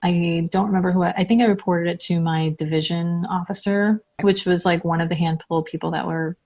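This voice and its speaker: A woman from the United States telling her own story as an interview guest, halting and full of restarts. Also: on the low side, fairly even intonation, a little mellow. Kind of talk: personal recounting.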